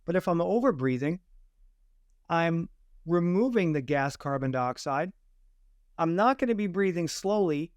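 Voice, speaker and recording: A man explaining breathing as a podcast guest, his voice fairly high and very smooth. He speaks in firm, declarative statements, and the recording is dry and close. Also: expressive, measured pace, long pauses, dry recording. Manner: assertive, declarative teaching. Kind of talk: explanatory interview answers.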